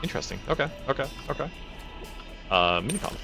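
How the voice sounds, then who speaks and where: A male game streamer gives casual live commentary, rambling, swearing and reacting excitably. His voice is bright and forward, and his pitch bounces around a lot from line to line. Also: fast, vocal fry, soft background music.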